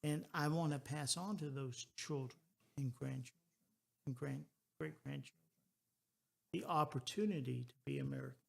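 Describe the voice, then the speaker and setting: A man in his early sixties hosting a talk radio show, earnest and halting, repeating words as he goes. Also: mid-range voice, vocal fry, breathy edge. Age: 60s. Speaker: radio host. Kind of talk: casual talk radio chat.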